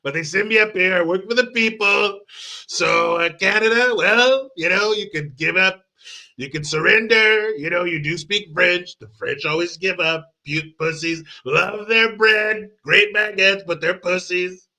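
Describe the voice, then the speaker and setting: A man doing a blustering, boastful president, folksy and crude, who rambles along while pretending to apologize. The voice sits a little high and bright. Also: measured pace, gravelly, exaggerated voice. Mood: mock apologetic.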